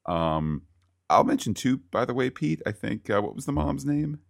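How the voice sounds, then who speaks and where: A man co-hosting a podcast, chatting casually and eagerly about a TV episode, often rising into excited bursts. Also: mid-range voice, moderate pace, gravelly, no room sound, clean studio sound. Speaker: podcast co-host.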